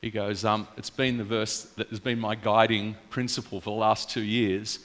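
In a reverberant church hall, a pastor with a fairly low voice delivers a casual sermon at normal speed. He's chatty and animated, filling it with stories and laughter.

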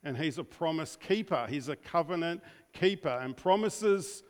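Man, Australian accent, casual sermon, questions to the congregation, fairly high voice, long hall reverb. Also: lively intonation, normal speed. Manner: conversational, with many restarts, often polling the room with questions. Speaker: preacher.

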